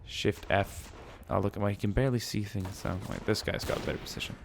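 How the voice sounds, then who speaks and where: A man's voice: fairly low pitch, steady tone, fast talker, creaky, background noise. A man giving casual, rambling gameplay commentary, musing aloud and swearing now and then. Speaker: gaming channel host.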